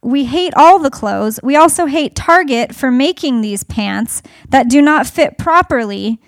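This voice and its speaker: A woman in her thirties talks to an audience in a high, bright voice, animated and chatty as she tells stories from home. The sound is close and dry, with no room around it. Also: measured pace, dry recording. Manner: animated storytelling with laughter. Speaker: speaker addressing an audience. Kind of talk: conversational talk to an audience.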